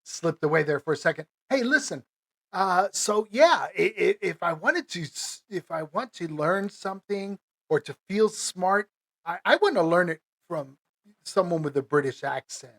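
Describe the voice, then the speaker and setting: A man's voice: sits high, lively intonation, normal speed, vocal fry, fairly bright tone. A man hosting his own podcast, talking casually and rambling with lots of fillers, restarts and little chuckles. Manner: chuckles between phrases. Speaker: podcast host. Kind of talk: casual solo podcast monologue.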